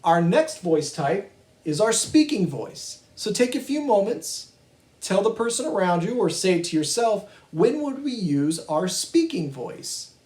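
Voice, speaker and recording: A man's voice: high-pitched, big pitch swings, measured pace, darkish tone. A male music teacher giving a virtual kindergarten lesson, patient and encouraging as he talks to young children and their families. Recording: echoey room.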